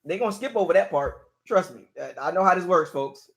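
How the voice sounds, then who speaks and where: High-voiced frustrated male sports fan. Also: lively intonation, fairly quick, creaky, a bit bright. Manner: frustrated, exasperated, repeats "man" and "dog". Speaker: sports fan channel host. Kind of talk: live game reaction rant.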